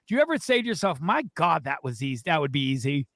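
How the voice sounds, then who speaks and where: A man's voice: fairly high pitch, sing-song, fast talker, vocal fry, fairly bright tone, dry recording, clean studio sound. A man co-hosting a casual interview, asking playful, joking questions. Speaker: co-host.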